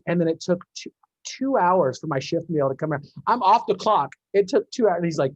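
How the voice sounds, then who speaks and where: A man's voice: sits high, expressive, a little fast, husky, no echo. A male podcast host on a video call, rambling, restarting his sentences and laughing along with his guest. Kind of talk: casual interview over a video call.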